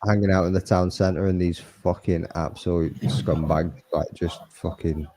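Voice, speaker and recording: Man, fast banter, low and dark voice, lots of swearing. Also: steady tone, slight background noise. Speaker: co-host. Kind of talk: casual chat, storytelling.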